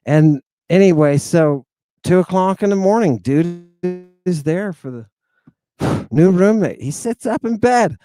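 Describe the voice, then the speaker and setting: A man's voice: fairly high pitch, no room sound. A man telling a personal story in a casual, slangy monologue, hosting his own show and tossing in "right?" along the way. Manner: animated, slangy, peppers lines with "right?" and "baby". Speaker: podcast host.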